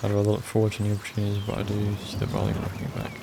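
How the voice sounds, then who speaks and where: A man's voice: lowish voice, monotone, rapid-fire, vocal fry, noisy background. A man reading the lines of a polite young male scholar in a game, in a plain, polite way.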